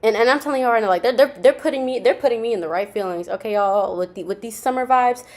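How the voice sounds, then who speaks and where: A woman's voice: a little high, quick pace, a little mellow. A woman hosting a reaction video, talking casually and emphatically to her viewers, repeating her points. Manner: emphatic, repeats herself, talks to viewers as y'all.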